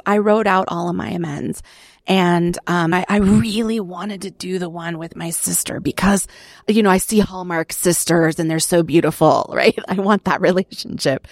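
Middle-aged woman, recovery testimony, earnest and reflective, slightly low voice, dry recording. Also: no echo. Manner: earnest, reflective, laughs softly between phrases. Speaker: recovery program member sharing her story. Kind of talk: personal testimony.

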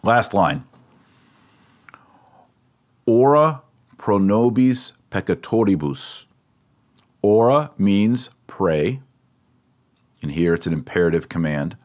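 A man teaching the Latin words of a Catholic prayer in a casual spoken lesson, patiently repeating words slowly to drill their pronunciation. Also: fairly low pitch, expressive.

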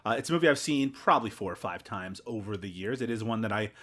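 A man's voice: on the low side, expressive, fast, fairly bright tone. A man hosting a podcast, chatting casually and playfully and laughing often. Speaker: podcast host.

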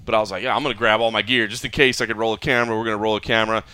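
A man hosting a casual podcast, telling animated stories and acting out what others said. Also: lowish voice, very fast, smooth, no echo. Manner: animated storyteller, acts out others' lines. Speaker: podcast host.

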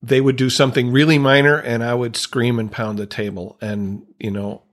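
A man's voice: medium pitch, flat delivery, normal speed. A man speaking as a podcast guest, earnest and reflective, candidly telling a personal recovery story and openly emotional at times.

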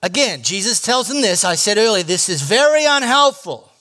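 A man preaching a sermon in a conversational, animated storytelling way, with jokes and asides, acting out the disciples as he goes. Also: high-pitched, normal speed. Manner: animated storytelling, acts out the disciples and Jesus in quoted voices. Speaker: pastor.

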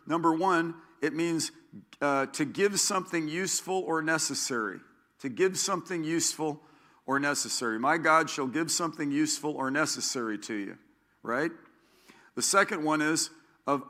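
A male preacher delivering a sermon in a bright, forceful voice pitched a little high. He is emphatic and often repeats key phrases slowly so listeners can take notes.

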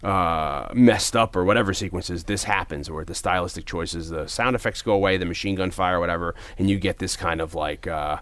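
A man in casual conversation, animatedly retelling a movie scene and loudly acting out quoted lines. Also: deep voice, brisk, hardly any pauses, dry recording.

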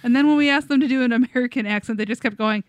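A woman co-hosting a podcast, chatting loosely and breaking into laughter as she reads listener comments and tells stories. Her voice is a little higher than most women's and sounds dry and close. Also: racing, no echo. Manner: laughs often while reading comments and telling stories. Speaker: podcast co-host. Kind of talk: casual comedic chat.

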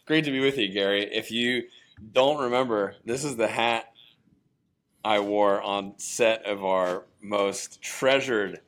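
A man's voice: on the low side, takes it slowly, a bit bright. A man in his thirties, an actor from New Jersey, telling stories in an upbeat, chatty way on a podcast. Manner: upbeat, chatty storyteller with fillers. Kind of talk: casual interview storytelling.

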